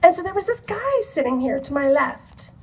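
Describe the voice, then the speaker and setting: A woman telling a personal story to an audience in an animated, expressive way. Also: sits high, moderate pace, far from the mic, rough recording. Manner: animated, expressive, acts out quoted dialogue with laughs. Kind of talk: personal anecdote told to a live audience.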